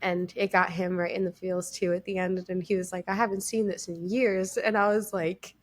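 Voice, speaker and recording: A young adult woman co-hosting a podcast and chatting candidly, telling animated stories with bursts of laughter. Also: lowish voice, moderate pace. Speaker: podcast co-host and streamer. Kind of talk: casual podcast chat.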